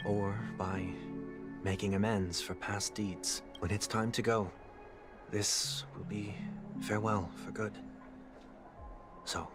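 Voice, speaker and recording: An actor voicing a formal, proud young man seeking atonement, speaking in a measured, orderly way, with music behind. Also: low-pitched. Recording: game audio with loud music behind.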